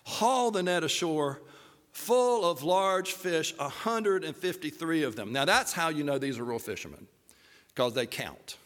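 A man with a high voice preaches with lively, joking storytelling and acts out the characters. Long reverb from a large hall hangs on his words. His delivery is animated and conversational. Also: a little slow. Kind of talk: sermon.

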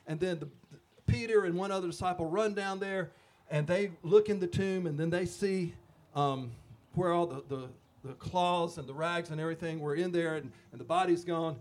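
Chatty, high-voiced pastor preaching. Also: male voice, moderate pace, a little mellow. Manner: folksy, chatty storytelling. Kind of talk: conversational Easter sermon.

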